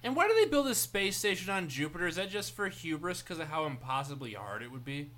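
A man's voice: on the high side, big pitch swings, quick pace, fairly bright tone. A man co-hosting a podcast, firing off crude, swearing wisecracks. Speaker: podcast co-host. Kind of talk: casual chat.

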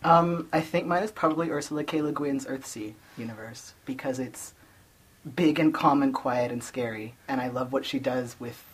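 A woman's voice: very deep voice, normal speed, slightly rough. A woman co-hosting a casual podcast, teasing with dry humor. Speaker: podcast co-host. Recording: audible background noise.

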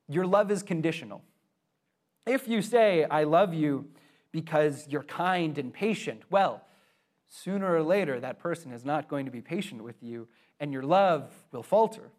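Earnest young male preacher, higher voice. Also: animated, moderate pace. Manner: earnest, conversational preaching with emphatic swells. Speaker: pastor. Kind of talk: sermon.

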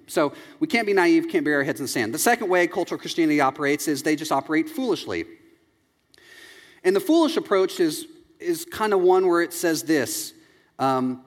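A man in his thirties preaching a sermon, animated and jokey, acting out little scenes as he tells them. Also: sits high, brisk. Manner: animated, jokey storytelling with acted-out quotes. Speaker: pastor. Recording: long reverb in a large hall.

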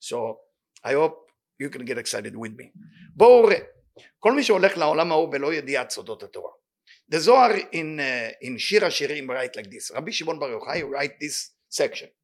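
Excitable male Torah teacher, rapid speech, slightly high voice, reads Hebrew fast and then translates. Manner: animated, excitable delivery. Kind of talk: weekly Torah study class.

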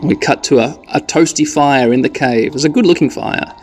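A man hosting a sleep podcast, narrating a video game in a rambling, relaxed way from the side entrance of a half-built house. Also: on the high side, moderate pace, faint music behind. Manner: rambling, relaxed, self-correcting. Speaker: podcast host narrating gameplay.

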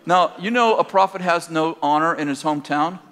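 An older man from Northern California, preaching by telling a personal story in a conversational, animated way and laughing at his own tale. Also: a little high, brisk. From Northern California, USA.

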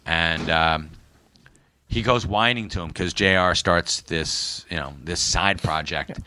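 Brief: low-voiced male host, bright and forceful, enthusiastic and rambling, dry close sound. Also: slow, no echo. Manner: enthusiastic, rambling, with frequent fillers. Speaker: podcast host. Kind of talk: casual comic book chat. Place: comic book store.

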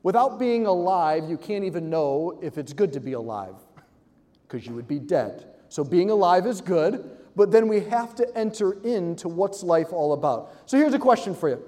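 A man giving an animated, joking talk to a live audience, acting out quick voices. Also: high-pitched, big-room sound. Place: large hall with audience.

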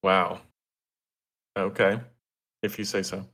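Deep-voiced dry male co-host. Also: level tone, slow pace, sharp tone. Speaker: podcast co-host. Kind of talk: casual podcast chat.

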